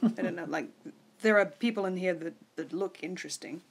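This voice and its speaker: A woman co-hosting a podcast, talking about a film in a relaxed, wry, offhand way. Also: lowish voice, brisk, breathy edge. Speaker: podcast co-host. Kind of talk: casual film discussion.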